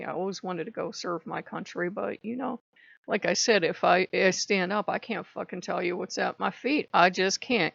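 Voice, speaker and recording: American woman rambling on her channel, fry in her voice, dull dry lo-fi sound, swears a lot. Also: mid-range voice, fairly bright tone, no echo. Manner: blunt, swears freely, laughs often. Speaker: spiritual vlogger. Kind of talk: candid personal monologue.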